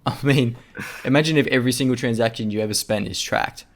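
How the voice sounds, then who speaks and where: A man's voice: medium pitch, fast talker, crowd noise. A man hosting a casual discussion in a loose, jokey way, full of filler words. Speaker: podcast host.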